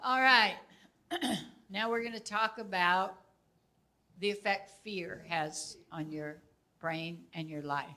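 An older woman with a bright, forward voice teaches casually. She tells stories from her own life, animated and quick to laugh. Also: mid-range voice. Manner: animated storyteller, laughs often.

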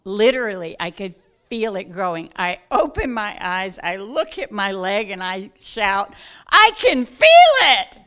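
A woman from South Georgia, telling a personal story in casual talk, animated and acting out the voices of the people in it. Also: mid-range voice, unhurried, clean tone. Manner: animated, acts out quoted voices loudly, laughs while telling. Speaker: guest telling a testimony.

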